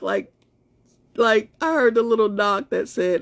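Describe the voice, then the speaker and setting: A woman coach chatting excitedly and directly with her followers during a live stream from home, and reading out her own pep talks. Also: mid-range voice, moderate pace, vocal fry. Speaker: motivational coach. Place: at home, indoors.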